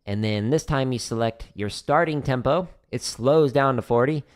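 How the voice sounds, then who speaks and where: A drumming teacher streams his practice from a home studio, taking questions casually and explaining rudiments between runs. He speaks at a normal speed in a mid-range voice, relaxed, laughing frequently and humming drum patterns.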